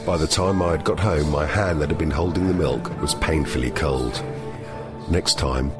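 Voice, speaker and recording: Deadpan man, very deep voice. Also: music in the background. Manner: deadpan, measured. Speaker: host and narrator. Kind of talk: scripted deadpan comic monologue.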